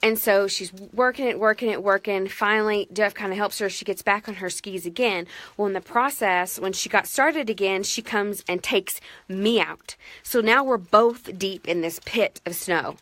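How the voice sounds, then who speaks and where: Bright, animated woman telling a story. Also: medium pitch, normal speed, no room sound. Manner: animated, dramatic and self-mocking. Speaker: mother telling a family ski story. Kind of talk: casual storytelling to camera.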